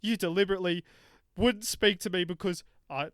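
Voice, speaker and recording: A man voicing an indignant, offended woman customer who talks loudly and with outrage. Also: high-pitched, brisk, no echo, clean studio sound, pitched above the performer's own voice, natural voice. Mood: outraged. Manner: loud, outraged.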